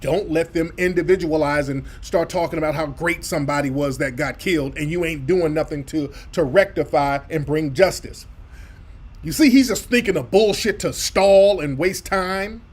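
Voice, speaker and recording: Blunt, high-voiced male commentator. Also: normal speed. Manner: blunt, profane, mocking. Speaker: radio host. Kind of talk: commentary over played clips.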